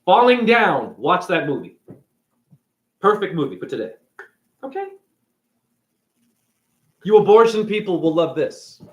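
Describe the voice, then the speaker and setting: A man with a fairly high voice rants casually about a film. He swears freely and jumps into little acted bits of each character. His pitch swings widely from line to line. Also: moderate pace. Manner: profane, animated, acts out characters. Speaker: spiritual video creator. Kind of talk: casual rant retelling a movie.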